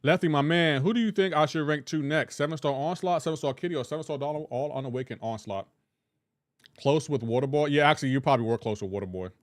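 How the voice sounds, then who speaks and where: A Southern US man with a light accent chats casually while gaming on a live stream, answering his viewers' messages. He talks fast in a voice on the high side, captured dry and clean in a studio.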